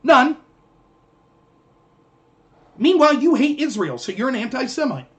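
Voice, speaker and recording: A man's voice: extremely high pitch, sing-song, measured pace. A man hosting a political livestream, heatedly and sarcastically answering comments from his chat. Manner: combative, sarcastic, ranting.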